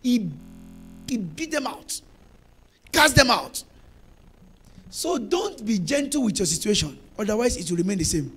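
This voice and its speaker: A man preaching a charismatic sermon as pastor, fervent and emphatic, repeating phrases and bursting into shouts. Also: high-pitched, sing-song, measured pace, long pauses, husky. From Nigeria.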